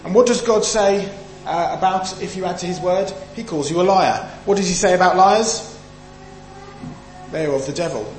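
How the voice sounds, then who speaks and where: A man's voice: high voice, normal speed, hardly any pauses, soft background music. A man from the UK preaching a Sunday sermon, emphatic and questioning the audience as he reads and explains scripture. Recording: echoey hall, faint hum.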